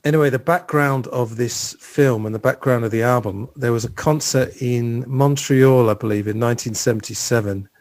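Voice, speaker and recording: A man's voice: mid-range voice, normal speed, few pauses, darkish tone, no room sound. A man hosting a casual film podcast, rambling through trivia and stories in a chatty way. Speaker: podcast host.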